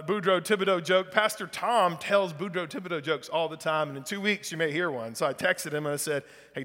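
Folksy preacher guy, high bright voice, big echoey hall. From northeast Louisiana. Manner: casual, folksy, enthusiastic. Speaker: guest pastor. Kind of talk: sermon with humor. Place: church sanctuary.

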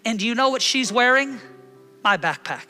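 A man in his thirties preaching a sermon, telling a personal story and acting out the scenes with animated delivery. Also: very high voice, normal speed, in a large hall, faint music behind. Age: 30s. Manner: animated, acts out his own shouting in the story. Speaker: pastor.

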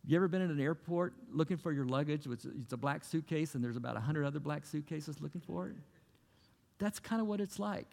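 A man's voice: fairly high pitch, fast, gravelly, hardly any pauses, darkish tone, in a large hall. A man preaching a sermon as a pastor, earnest and conversational, with repeated phrases.

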